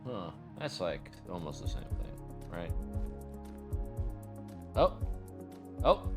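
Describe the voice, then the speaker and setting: Young guy streamer, deep voice, all over the place pitch-wise, swearing and rambling, some music under him. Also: animated, measured pace. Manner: swears a lot, rambling, laughs at himself. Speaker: streamer hosting a watch party. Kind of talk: casual chat, profane and loose.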